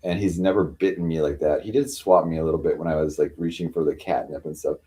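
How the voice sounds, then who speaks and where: Low, mellow-voiced man rambling to his cats. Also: fairly even intonation, quick pace. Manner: rambling, full of fillers, coos at his cats in a higher voice. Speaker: livestreamer. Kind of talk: casual live-stream chat.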